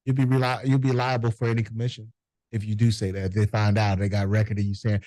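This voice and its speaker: A middle-aged man, a notary business owner, telling animated, profane anecdotes in a casual interview and acting out the people in them. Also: fairly low pitch, fast talker, no room sound, poor audio.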